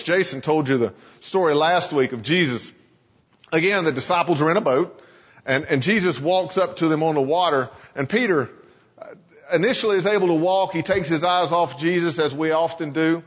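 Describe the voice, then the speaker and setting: Male pastor delivering a sermon, husky and animated, in an echoey church. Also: on the high side. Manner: storytelling, dramatizing scripture. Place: church sanctuary. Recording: echoey church sanctuary, dull lo-fi sound.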